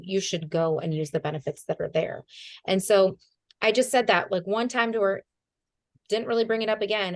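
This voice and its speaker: A woman's voice: on the low side, no room sound. A woman on a group video call, telling a rambling, heartfelt story full of fillers and restarts. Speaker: team member on a community call. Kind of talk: casual chat on a group call.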